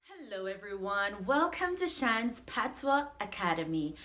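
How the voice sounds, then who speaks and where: A woman with a Jamaican accent, teaching beginners straight to camera. Her delivery is clear and deliberate, with each phrase repeated slowly so learners can follow. Her voice sits at an ordinary middle pitch for a woman. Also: lively intonation, fairly bright tone, soft background music. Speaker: patois teacher. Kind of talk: scripted language lesson to camera.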